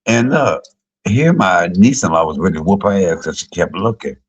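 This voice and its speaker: A middle-aged man, a comedian, telling profane, joking stories on a casual livestream and jumping high in pitch when he quotes people. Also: expressive, moderate pace, slightly rough, muffled recording. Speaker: comedian and YouTube cook.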